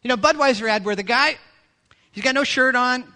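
A man, the pastor, preaching a sermon in a lively, joking way, often mimicking people. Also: very high-pitched, brisk.

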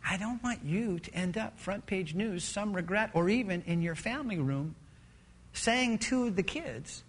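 A man preaching a sermon as pastor, dramatic, swinging between loud emphatic lines and hushed, intimate ones. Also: high-pitched, animated, measured pace, slightly rough. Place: church sanctuary. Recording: long hall reverb.

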